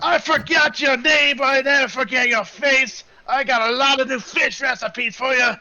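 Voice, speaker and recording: A man puts on a brash tavern keeper who bellows every line, pitched well above his own voice and straining at the top. The sound is slightly dull and lo-fi. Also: fairly even intonation, moderate pace, heavily acted. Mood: indignant. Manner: shouting, rough cockney-ish bluster.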